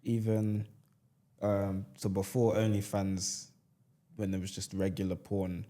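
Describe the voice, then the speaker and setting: A man, giving his measured views in casual podcast chat. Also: sits low, level tone, warm tone.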